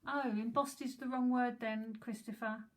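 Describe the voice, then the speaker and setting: A chatty woman in her fifties from England, giving a live psychic reading. She rambles through asides and giggles often, and her voice sits a little high. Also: fairly even intonation, normal speed, rough recording. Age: 50s. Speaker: psychic medium.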